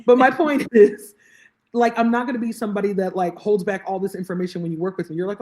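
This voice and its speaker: A woman speaking over a video call, animated and expressive as she acts out quoted exchanges. Her voice sits at an ordinary pitch. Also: fast. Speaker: guest, lead generation specialist. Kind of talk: conversational interview.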